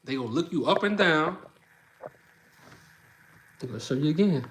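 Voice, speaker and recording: A man's voice: fairly high pitch, animated, normal speed. A man from the Midwest of the US chatting loosely with viewers on his live stream, laughing often and talking in slang. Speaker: livestream host. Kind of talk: casual livestream chat with viewers.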